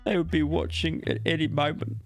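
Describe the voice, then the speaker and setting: A man voicing an excitable, touchy male goose in a game, with a squeaky, overexcited manner. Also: a little fast, gravelly, soft background music. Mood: fussy.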